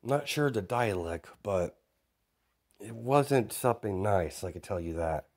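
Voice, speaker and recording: A man voicing a calm, observant young female student in a told fan story. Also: fairly low pitch, unhurried, a little hiss or hum. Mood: matter-of-fact.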